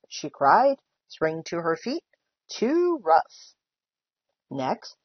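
Expressive woman reading a picture book. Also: medium pitch, breathy edge, no echo, lo-fi sound. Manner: expressive storytelling. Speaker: volunteer reader. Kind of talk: reading a children's book aloud.

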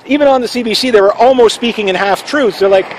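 A man's voice: very high voice, fast, slight background noise, rough recording. A man hosting a casual opinion vlog, talking assertively in a rambling way. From Canada. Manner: assertive, rambling, with fillers and restarts. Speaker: channel host.

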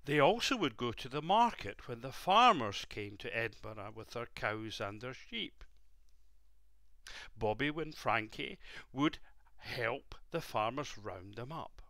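A man reading a story aloud to a young child, gently asking the child questions along the way. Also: medium pitch, big pitch swings, unhurried, no room sound.

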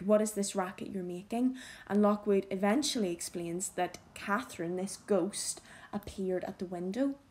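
A woman teacher reading a novel aloud and explaining it, in a measured, expressive storytelling manner. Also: medium pitch.

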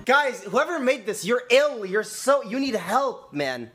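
Bright-voiced exasperated male streamer. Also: very high-pitched, very animated, a little slow, soft background music. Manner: exasperated, swearing, breaking into laughter. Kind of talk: reacting to viewer comments and fan art on stream.

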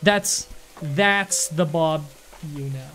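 A streamer talks through a building game and swears now and then. The voice sits at a middle pitch. Faint music plays behind. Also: extremely slow, fairly bright tone. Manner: chatty commentary, casual swearing, thanks viewers. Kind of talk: casual live-stream chat.

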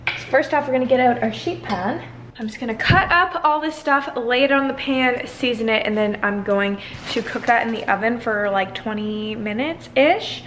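A woman's voice: on the high side, moderate pace, fairly bright tone, slight background noise. A young woman from Canada chatting casually through a day-in-the-life vlog at home, bubbly and laughing often. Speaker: vlogger. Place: home, indoors.

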